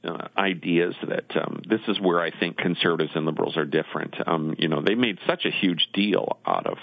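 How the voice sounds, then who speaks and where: A man speaking as a guest on a radio show, making a measured argument with some hesitation. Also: sits low, expressive, gravelly, dry recording. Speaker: guest on a call-in line. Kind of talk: conversational interview. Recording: tinny phone line, dry.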